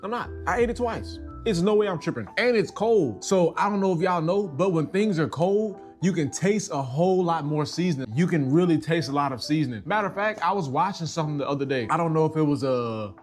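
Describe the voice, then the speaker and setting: Man, food vlogger, casual slangy chat, excitable, loud then mumbled, higher voice. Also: brisk, hardly any pauses, faint music behind. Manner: animated, excitable, swings between loud and mumbled; casual slang-heavy talk.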